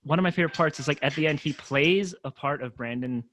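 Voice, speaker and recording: A man's voice: on the high side, fast, a bit bright, a little hiss or hum. Profane, mocking young man. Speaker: co-host. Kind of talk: casual chat reacting to music.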